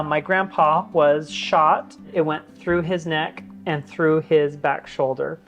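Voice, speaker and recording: A man talking casually to his viewers, chatty and earnest, telling stories with plenty of fillers. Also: a little high. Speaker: vlogger giving an office tour. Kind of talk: casual tour chat to camera.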